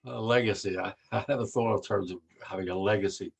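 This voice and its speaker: A man's voice: lowish voice, fairly even intonation, quick pace, gravelly, breathy edge, low-quality recording. A man in his nineties, a war veteran being interviewed, who talks in a rambling, emphatic way with many restarts and grows emotional. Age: 90s. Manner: gets emotional about his subject. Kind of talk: conversational interview.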